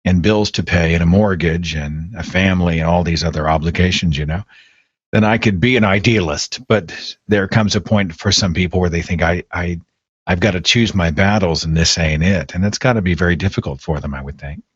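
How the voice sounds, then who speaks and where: A man's voice: low voice, a little fast, breathy edge, no echo, lo-fi sound. A man hosting a podcast, chatty and playful in a casual interview. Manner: chatty, playful, self-deprecating. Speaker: podcast host.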